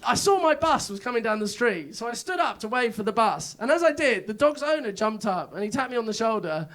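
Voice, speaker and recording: Telling meandering, self-mocking stories to a live club audience, this male comedian has a very high, sing-song voice that moves fairly quickly and sounds a bit bright. Frequent laughter rings out in the live room.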